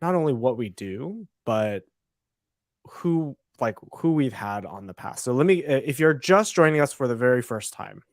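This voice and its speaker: A man's voice: mid-range voice, expressive, moderate pace, no room sound, clean studio sound. A man co-hosting a live-stream podcast, chatting loosely and laughing often. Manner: loose, laughing, rambling with restarts. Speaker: podcast co-host. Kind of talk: casual live-stream chat.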